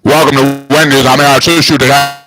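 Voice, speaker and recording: Loud drive-thru manager guy hollering into the intercom, deep-ish and pushy, rushes the lines, as a man puts him on. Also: little pitch movement, lightly acted. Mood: yelling cheerfully. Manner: yelling, loud and overbearing. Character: booming male fast-food manager yelling into drive-thru intercom.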